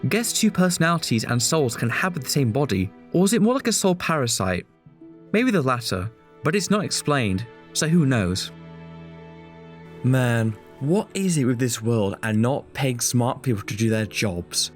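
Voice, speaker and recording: A man narrates a scripted critique with a sarcastic, exasperated edge. His pitch swings freely up and down, giving the delivery a wry, animated lilt in a mid-range voice. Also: normal speed, soft background music. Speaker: video essayist critic. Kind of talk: scripted commentary.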